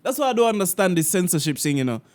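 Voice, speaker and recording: A man from Jamaica hosting a casual music reaction video. He is animated and slangy, with frequent swearing and laughter. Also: high-pitched, rapid-fire. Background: the reacted song playing faintly.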